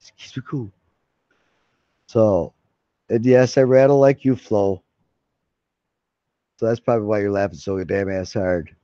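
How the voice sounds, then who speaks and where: Low, dark-voiced rambling man. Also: unhurried, long pauses, clean tone, no room sound. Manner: rambling, folksy, swears freely. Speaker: live streamer. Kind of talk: casual chat to viewers. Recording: dull lo-fi mic.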